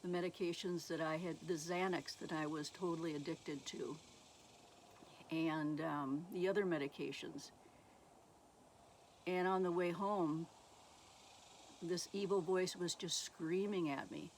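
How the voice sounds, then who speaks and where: A middle-aged woman telling her personal faith testimony slowly and haltingly, with many pauses. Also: lowish voice, a little hiss or hum. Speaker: speaker sharing her testimony.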